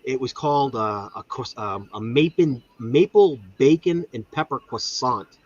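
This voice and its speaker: A man, telling lively food stories in casual chat and acting out voices. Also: medium pitch, unhurried, husky, no echo, lo-fi sound. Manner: animated storytelling, acts out voices. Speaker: guest.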